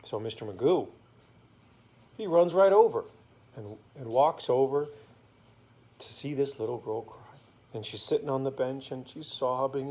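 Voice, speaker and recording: A man with a mellow, warm voice tells a bedtime story he invents as he goes. He is playful and rhyming, and stops now and then to make up details with fillers. His pitch sits in an ordinary middle range. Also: unhurried, long pauses, a little hiss or hum.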